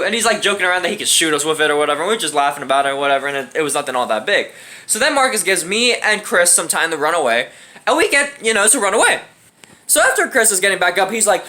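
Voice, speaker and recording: A man's voice: sits high, animated, fast talker, sharp tone. A young man telling a funny story in a casual, slangy, profane way, often laughing. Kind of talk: casual anecdote.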